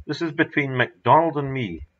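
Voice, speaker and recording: A man voicing a passionate, obsessive older drinker who gets fervent and quick when he talks about whisky. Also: medium pitch, voice pushed up, close to an everyday voice. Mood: genial. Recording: dull lo-fi recording.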